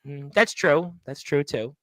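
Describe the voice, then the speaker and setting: A man's voice: fairly high pitch, lively intonation, measured pace, a bit bright, no room sound, low-quality recording. A man from Brooklyn hosting a casual live talk show, reading chat comments aloud with jokes. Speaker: host.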